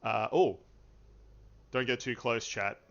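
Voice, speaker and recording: A man hosts a streamed tabletop game as game master, joking and rambling through the welcomes. His voice sits mid-pitch for a man. The stream audio is dull and lo-fi. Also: slow pace, vocal fry, over music. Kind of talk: livestreamed tabletop game chat.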